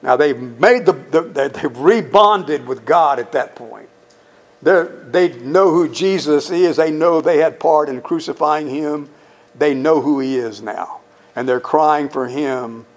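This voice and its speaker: Guy teaching bible verses, fairly high voice, punchy and chatty, keeps quizzing the room. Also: slow pace. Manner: emphatic, conversational, quizzes listeners.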